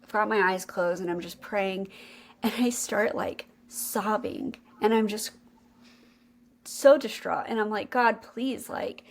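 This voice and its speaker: A woman's voice: mid-range voice, unhurried, creaky. A young adult woman hosting a podcast, telling a personal faith story in an earnest, emotional way. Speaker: podcast co-host.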